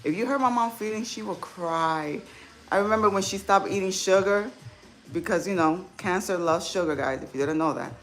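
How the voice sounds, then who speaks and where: A woman's voice: medium pitch, moderate pace, a bit bright, faint music behind. A woman hosting a casual livestream, telling heartfelt family stories and reading viewer comments aloud. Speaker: livestream host.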